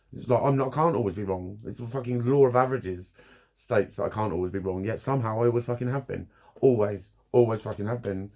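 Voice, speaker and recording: A man's voice: mid-range voice, a little mellow. A man talking candidly to camera about his therapy, blunt and swearing constantly, laughing at himself now and then. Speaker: vlogger. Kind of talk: candid personal talk to camera.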